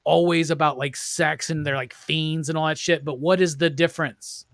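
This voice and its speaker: A man's voice: a little high, steady tone, moderate pace, no echo, studio quality. A man hosting a casual movie review chat, loose and profane, acting out lines in joking voices. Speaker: host.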